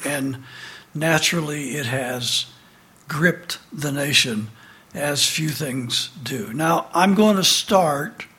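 An older man in his seventies, from the American Midwest, recalls his childhood for a listening audience. His voice sits a little high for a man, and his delivery moves between emphatic stresses and quiet, hushed passages. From Midwestern United States. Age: 70s. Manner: animated storyteller, alternately emphatic and hushed. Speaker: speaker giving an address. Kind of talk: personal recollection in a prepared address.

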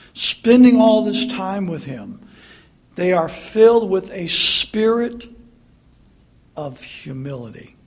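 A male pastor delivering a sermon in an earnest, conversational way. His voice is husky and sits high for a man. He slips into wry, mocking asides.

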